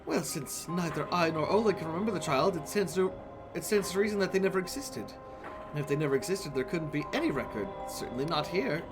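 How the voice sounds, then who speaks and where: A man's voice: on the high side, animated, brisk, over music, pitched above the performer's own voice, close to an everyday voice. A man voicing a prim, flustered woman librarian in a video game, sweet and evasive, calling people dearie. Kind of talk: reading game dialogue aloud.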